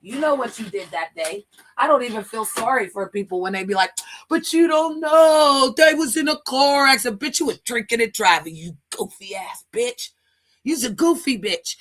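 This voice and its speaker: A woman's voice: mid-range voice, fairly bright tone. A woman hosting a livestream, giving casual profane commentary in a crude, mocking way and laughing often. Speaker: livestream host.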